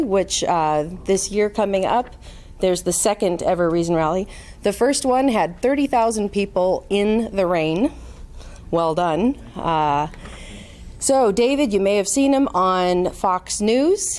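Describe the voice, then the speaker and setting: A woman's voice: mid-range voice, darkish tone. A woman hosting an event, introducing the guest speaker in an informal, chatty way with many fillers. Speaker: event host.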